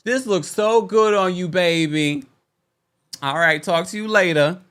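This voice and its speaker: A man's voice: sits high, a little slow, fairly bright tone, clean tone. A man voicing a doting older mother who sweetly coaxes and calls people baby in a sing-song way.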